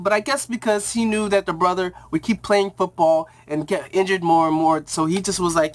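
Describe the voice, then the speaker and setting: A man's voice: high-pitched, steady tone, fairly quick, hardly any pauses. Slangy, rambling young man recapping a show. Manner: rambling, slangy retelling with acted quotes. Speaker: TV reviewer. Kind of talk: casual episode recap.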